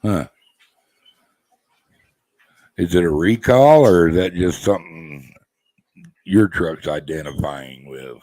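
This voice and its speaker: A man's voice: low voice, expressive, unhurried, dark tone, rough recording. A man chatting casually with viewers on a live stream, easygoing and rambling. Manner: easygoing, rambling, laid-back.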